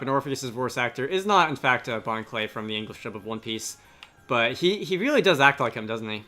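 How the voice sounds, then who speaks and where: A man's voice: medium pitch, bright, forceful tone. A man giving casual, rambling gameplay commentary as a let's play host, often correcting himself mid-sentence.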